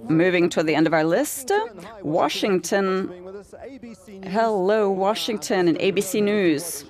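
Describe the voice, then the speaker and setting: A woman's voice: mid-range voice, a little mellow. A woman hosting a live event, reading out a list of names with fillers and repeats. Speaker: event host.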